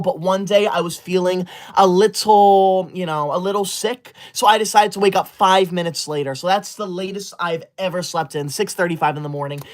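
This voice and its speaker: A livestream host reading super chats aloud in a comedic bit, scolding viewers in a fussy, easily offended, school-loving persona. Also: mid-range voice.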